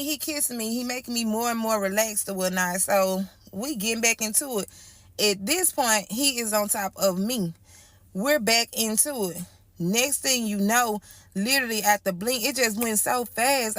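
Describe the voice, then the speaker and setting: A woman's voice: a little high, a bit bright, dry recording. A woman telling her own story in casual storytime style, chatty and repetitive, talking straight to her listeners. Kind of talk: casual first-person storytime.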